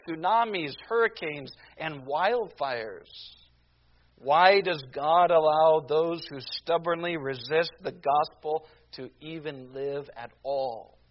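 A man's voice: fairly high pitch, dull audio. A man preaching a sermon, hammering home his point with one rhetorical question after another. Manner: emphatic, rhetorical questions, slows down on key phrases.

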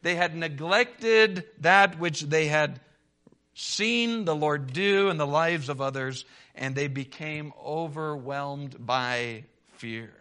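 A man preaching a sermon, swinging between loud rises and hushed drops, reading scripture in old-fashioned wording. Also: fairly high pitch, takes it slowly, clean tone.

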